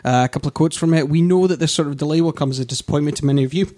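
A Yorkshire man talks through gaming news on a casual podcast, his voice sitting a little high. He pads his reading with ums and uhs and breaks into laughter now and then. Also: racing, dark tone. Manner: laughs often, reads news quotes with fillers. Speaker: podcast host.

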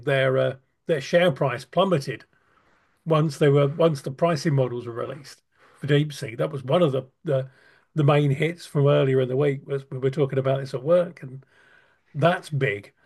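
A man's voice: mid-range voice, creaky, darkish tone. A British man co-hosting a casual tech chat stream, joking and restarting his sentences. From United Kingdom. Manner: chatty, restarts sentences, quick to joke. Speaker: co-host.

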